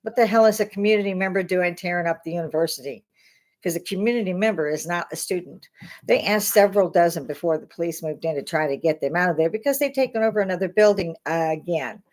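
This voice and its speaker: A woman's voice: lowish voice, fast talker, a little mellow. Blunt, ranting woman streaming from home. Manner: blunt, swears, rants heatedly. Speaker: livestream host. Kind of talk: casual livestream monologue. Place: home bar. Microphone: webcam.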